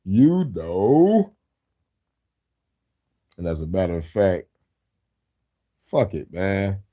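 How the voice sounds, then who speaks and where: A man's voice: low voice, steady tone, unhurried, mellow. A man hosting a casual late-night monologue, tired from no sleep, rambling and swearing freely in a laid-back way. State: tired, has not slept. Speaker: host.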